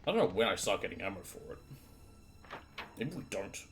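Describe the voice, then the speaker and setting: A man's voice: fairly low pitch, big pitch swings, a little fast, a bit bright, soft background music. A man streaming a video game, chatting casually to himself as he plays, swearing, laughing and trailing off, shivering a little from the cold. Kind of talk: casual let's-play commentary.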